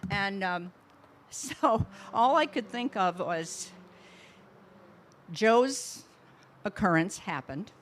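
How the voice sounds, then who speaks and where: A woman's voice: medium pitch, lively intonation, drawn-out words, a little hiss or hum. A woman speaking at a memorial service, remembering a friend in a reflective, rambling way with fond laughs. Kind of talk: personal eulogy.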